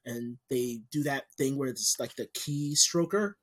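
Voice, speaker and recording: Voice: medium pitch, moderate pace, hardly any pauses, breathy edge. A podcast co-host in casual chat, making points emphatically with everyday examples and some swearing.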